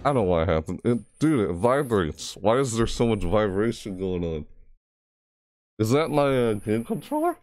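A gaming channel host with a lowish, darkish voice and big pitch swings plays a horror game at a moderate pace, in studio quality with no room sound. He talks it through, grumbles at the game, and yelps at every scare.

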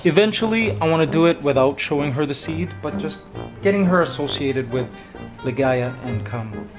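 A man vlogging at home, talking to his pet parrot in coaxing, sing-song baby talk between calm explanations. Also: a little high, normal speed, over music.

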